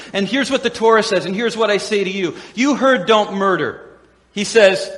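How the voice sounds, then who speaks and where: High-voiced preaching man, animated. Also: moderate pace, long reverb tail. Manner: animated, acts out quoted voices with humor. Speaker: pastor. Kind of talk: sermon.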